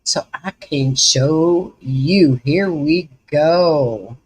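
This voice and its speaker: Very slowly and huskily, in a deep voice, a Southern US woman chats folksily with viewers during a casual live stream she hosts from home.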